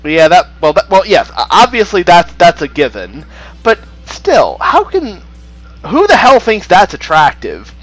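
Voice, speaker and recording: A man's voice: high voice, soft background music, low-quality recording. A man streaming a dating game, joking around and reading game text aloud in a casual way. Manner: jokey and animated, with quick asides and laughter.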